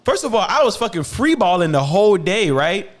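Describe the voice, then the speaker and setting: A young man telling a personal story on a podcast in loose, profane slang. He races along, his voice leaping up and down with every punchline. He laughs often as he goes, keeping the pitch on the higher side. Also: very animated, a little fast. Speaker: podcast host. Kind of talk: casual storytelling.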